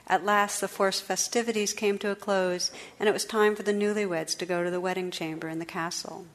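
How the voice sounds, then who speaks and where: A woman meditation teacher telling an old legend in a measured, expressive reading during a dharma talk. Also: on the low side.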